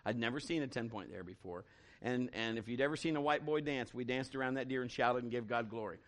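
Fast and mid-range in pitch, a middle-aged pastor rushes through a folksy sermon story. He's animated, keeps restarting his phrases, and acts out quoted speech.

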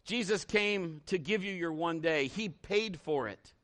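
A pastor with a fairly high, slightly bright voice preaches at a measured pace. His sermon is folksy and conversational, acting out little stories and quoting scripture with emphasis.

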